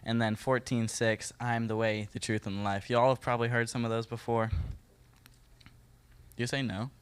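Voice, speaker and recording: A man leading a Bible study for a group, reading verses and explaining them in a relaxed, joking way, talking straight to his listeners. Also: mid-range voice, moderate pace, clean tone. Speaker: youth Bible study leader. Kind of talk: casual Bible teaching talk.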